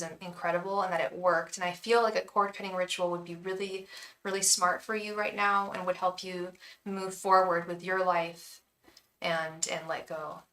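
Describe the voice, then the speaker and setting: An American woman giving a live tarot reading who chats warmly with viewers and chants repeated invocations to her guides. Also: mid-range voice, far from the mic, low-quality recording. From United States. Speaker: tarot reader and psychic.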